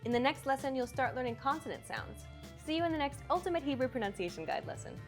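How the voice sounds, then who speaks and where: A woman hosting a language lesson, reading a scripted narration in a clear, upbeat teacher's manner. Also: high-pitched, expressive, fast talker, over loud music.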